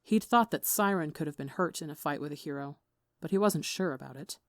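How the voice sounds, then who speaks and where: A woman narrating a fan fiction story in an even, measured way. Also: low-pitched, no room sound, clean studio sound. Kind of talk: audiobook reading of fan fiction.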